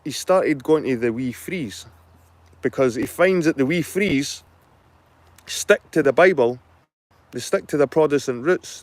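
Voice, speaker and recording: A man's voice: mid-range voice, no echo. Middle-aged Scottish man, casual rambling host, swears, dry close sound. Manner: rambling, repeats himself, swears freely. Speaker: channel host. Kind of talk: casual chat to viewers.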